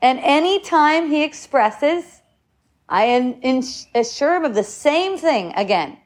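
A woman's voice: sits high, expressive, unhurried. A middle-aged woman speaks in a slightly raised voice, in a loose, rambling spiritual talk. She circles back, repeats words, and now and then acts out what others said to her.

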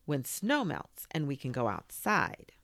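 A calm, practical male hawk in a children's storybook, read by a woman in a low voice. He talks plainly and agreeably, slow and a little gravelly. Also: no echo, studio quality, full character voice.

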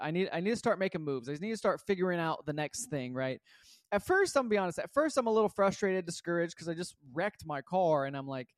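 A young man telling a personal story in a casual, animated way, acting out his own reactions and often asking "right?". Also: a little high, no room sound, clean studio sound. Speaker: vlogger.

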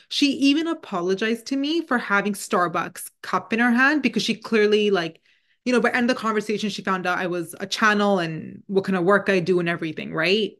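A woman's voice: mid-range voice, moderate pace, fairly bright tone. A woman who works as a spiritual channel, chatting casually as she retells a conversation, with plenty of fillers and asides. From Indian heritage. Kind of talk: casual storytelling monologue.

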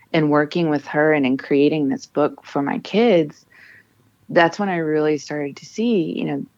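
A low-pitched, creaky-voiced woman in her thirties, an author married into the military, recounts her family's story in an interview. Her telling is heartfelt and full of restarts, captured in a dry, lo-fi recording.

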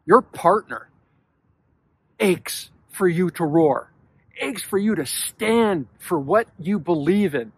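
A podcast host with a notably high, slightly rough voice gives a motivational talk aimed at men. He's emphatic and blunt, tossing in casual swear words.

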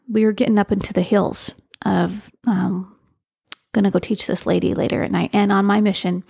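Woman podcast host, earnest storyteller, super gravelly fry, kinda husky. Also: mid-range voice, warm tone. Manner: earnest storytelling with many restarts and fillers. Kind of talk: casual solo talk.

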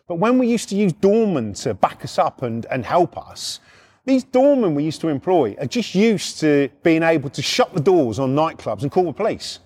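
A middle-aged man spins a rough anecdote, swearing freely and rambling. His voice is husky and fairly high, and it leaps around animatedly. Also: normal speed. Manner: profane, rambling, lively storytelling. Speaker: storyteller. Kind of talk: casual anecdote.

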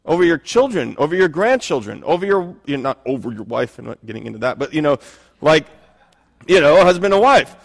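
With earnest, conversational warmth, a male pastor delivers a sermon, repeatedly looping back to restart phrases. His a-little-high voice is sing-song and brisk with vocal fry, and a long church-hall reverb surrounds it.

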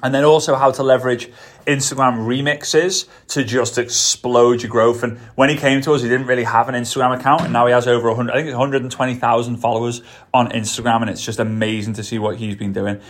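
A man's voice: medium pitch, flat delivery, quick pace. A man with a Liverpool Scouse accent hosting a solo podcast as a network marketing coach, talking in an enthusiastic, sing-song way and repeating words for emphasis. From Liverpool, England.

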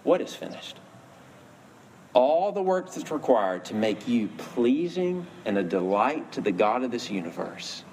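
Male preacher, sermon delivery, earnest storyteller, average pitch, faint background hum. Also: big pitch swings, unhurried, hardly any pauses, darkish tone. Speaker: pastor.

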